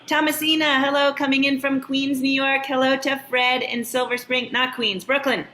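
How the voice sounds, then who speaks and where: A woman hosting a live online show, warmly greeting viewers by name over a video call. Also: high voice, little pitch movement, moderate pace. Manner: upbeat, reading out viewer names. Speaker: show host. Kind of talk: live online welcome and shout-outs. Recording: echoey room with faint background noise.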